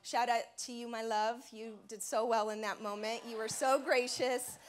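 A woman in her thirties with a fairly high voice telling her story from a church stage. She is bubbly and chatty, and she keeps her telling practical and down to earth. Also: steady tone, normal speed, a little hiss or hum. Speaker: women's conference speaker. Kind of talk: personal testimony sermon. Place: church stage before a live audience.

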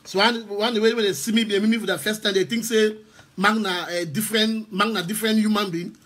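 A man's voice: high voice, fairly even intonation, a little fast, a bit bright. A Cameroonian man with a Cameroonian accent, talking casually on a livestream as an activist guest, hesitant and repeating words as he switches between English and Pidgin.

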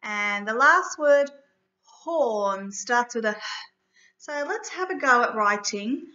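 A woman teacher reading a story aloud and leading a writing lesson for young children, clear and expressive. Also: a little high, takes it slowly. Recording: echoey room from far off, dull.

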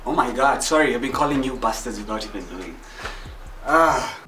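A man's voice: medium pitch, expressive, fairly quick, bright, forceful tone. A man hosting a reaction video, casual, joking and self-deprecating, who swears a lot. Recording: roomy, distant mic with music.

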